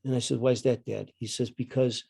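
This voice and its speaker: Older man with a gravelly, mellow voice. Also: mid-range voice, little pitch movement, a little fast, dry recording. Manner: rambling, repeats words, acts out his dad in the story. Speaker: guest, retired basketball coach. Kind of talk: storytelling in casual chat.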